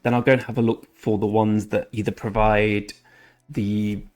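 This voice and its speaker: A gaming channel host talks casually over his strategy game, rambling and chatty and often correcting himself mid-sentence. His voice is fairly low and darkish, with a level tone and a normal speaking speed.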